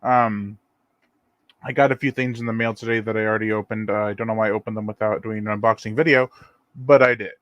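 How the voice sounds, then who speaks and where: A man's voice: lowish voice, fast, dry recording, highs cut off. Male host, easygoing rambling live-stream chat, dry close sound. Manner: rambling and relaxed, reads viewer comments aloud. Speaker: channel host.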